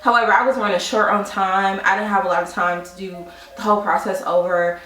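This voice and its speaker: A young adult woman vlogging a casual product review, telling her story in an animated, chatty way with frequent laughs and asides to viewers. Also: medium pitch, fairly quick. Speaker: beauty vlogger. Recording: roomy, distant mic with faint music.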